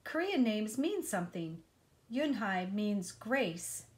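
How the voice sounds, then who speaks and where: A woman voicing a shy young Korean schoolgirl, soft and earnest, in a storybook reading. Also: medium pitch, big pitch swings, takes it slowly.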